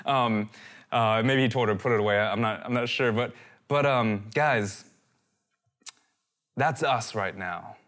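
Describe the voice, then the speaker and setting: A man's voice: fairly low pitch, a little slow, long pauses. A man in his thirties preaching a sermon as a pastor, earnest and given to repeating his phrases. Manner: earnest, repeats phrases, animated when quoting.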